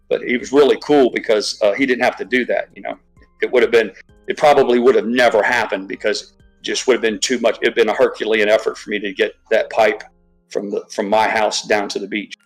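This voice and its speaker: A man's voice: on the low side, poor audio. A man chatting casually on a live stream, rambling, swearing freely and restarting his sentences often. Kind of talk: casual chat.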